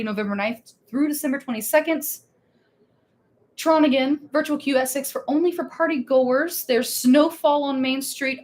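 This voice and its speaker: A woman co-hosting a casual live stream, chatty and animated. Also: high-pitched. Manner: chatty, animated, lots of fillers. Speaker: co-host of a theme park channel.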